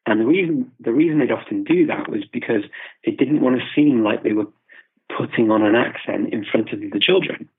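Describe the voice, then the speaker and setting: A man's voice: medium pitch, a little fast, slightly rough. A British man explaining his views thoughtfully in a conversational interview, often restarting his sentences. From Britain. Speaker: guest, polyglot. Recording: phone-like remote call audio.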